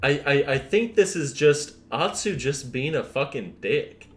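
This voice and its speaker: A man's voice: medium pitch, lively intonation, a little slow, faint music behind. A man reacting alongside the host in casual commentary, sarcastic and full of stammered restarts.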